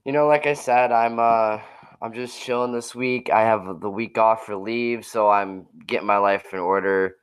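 A man with a low, smooth voice, talking easily and without hurry. He co-hosts a casual podcast chat. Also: steady tone, moderate pace. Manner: laid-back, easygoing. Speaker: podcast co-host.

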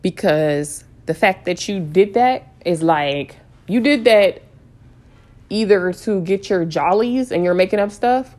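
A woman's voice: mid-range voice, takes it slowly. Chatty woman telling a storytime. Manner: animated retelling full of "I was like"; frequent restarts and repeated phrases. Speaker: vlogger. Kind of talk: casual storytime.

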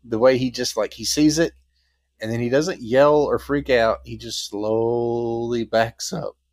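A man's voice: mid-range voice, fairly even intonation, measured pace, a little mellow, dry recording, studio quality. A man co-hosting a podcast, chatting casually about a film in a rambling way and now and then acting out lines. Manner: rambling, acts out lines in silly voices. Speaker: podcast co-host. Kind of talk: casual film review chat.

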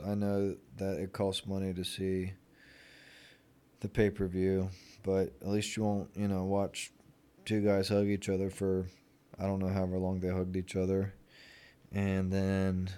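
Rambling sarcastic young man, low voice. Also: dark tone, smooth. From Florida, United States. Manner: rambling, sarcastic, with many fillers. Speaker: vlogger. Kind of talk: casual chat.

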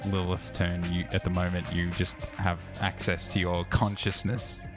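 Young man GM, deep voice, casual, fillers, music behind. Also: level tone, normal speed. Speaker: game master. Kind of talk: narrating a tabletop game.

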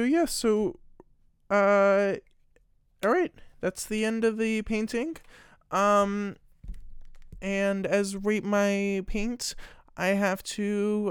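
A man's voice: high-pitched, clear, resonant tone, dry recording, studio quality. A man doing an improvised comedy bit, rambling and mock-serious with lots of filler words.

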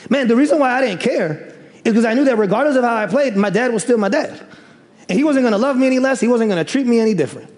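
A young man from the Chicago area preaching, telling stories in a joking, animated way with loud exclaims. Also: extremely high pitch, quick pace. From Chicago area, USA. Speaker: pastor. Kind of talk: sermon with storytelling. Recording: reverberant hall.

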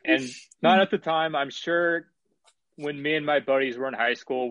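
A man in his twenties co-hosting a podcast, giving his opinions on music in a relaxed, long-winded casual way. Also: medium pitch, normal speed, no room sound, highs cut off. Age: 20s. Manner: relaxed, opinionated, talks in long run-on thoughts. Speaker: podcast co-host. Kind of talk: casual music-review chat.

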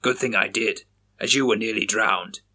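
A man's voice: lowish voice, fairly even intonation, moderate pace, bright, forceful tone, husky, full character voice. A man voicing a male police officer partner in a horror story, speaking in a clipped, defensive way. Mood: grim.

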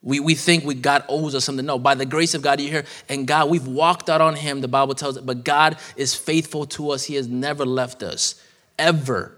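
A man's voice: mid-range voice, steady tone, normal speed, a bit bright. A man in his thirties preaching a sermon in a casual, conversational way, with slang and asides. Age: 30s. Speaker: guest preacher. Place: church sanctuary. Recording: church hall reverb.

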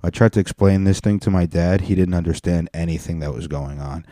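A man's voice: sits low, level tone, brisk, mellow, no echo, clean studio sound. A man hosting a podcast, rambling profanely through a comedic rant and slipping into joke accents. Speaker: podcast host.

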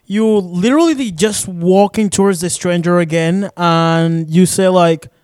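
A man's voice: high voice, unhurried, darkish tone, clean tone, no room sound. A young man from Arizona hosting a casual solo podcast, rambling with lots of fillers and cursing, recorded in a shared studio office. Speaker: podcast host.

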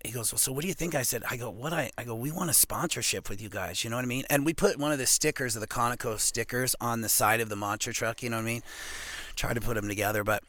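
Fast and medium-pitched, with no echo on the recording, a professional arm wrestler from Montana, USA, tells a long casual story as a podcast guest. He rambles animatedly and keeps saying "you know what I mean."

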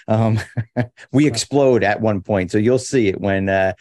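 A man's voice: fairly low pitch, unhurried, dark tone, dry recording, clean studio sound. A man hosting a casual podcast chat, joking and laughing often. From New Jersey. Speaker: podcast host.

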